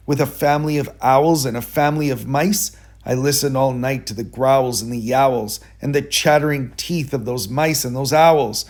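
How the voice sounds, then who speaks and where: A man reading a rhyming children's story aloud in a rhythmic, expressive way. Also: mid-range voice.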